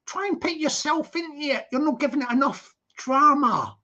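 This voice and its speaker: A woman doing a loud bossy director. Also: high-pitched, expressive, normal speed, muffled recording. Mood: impatient. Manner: barking, impatient. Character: bossy shouting film director.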